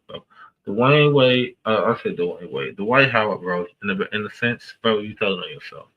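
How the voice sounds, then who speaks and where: A man's voice: fairly low pitch, expressive, moderate pace. A man hosting reaction commentary, emphatic and exasperated, often repeating himself. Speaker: commentary host. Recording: dull lo-fi audio.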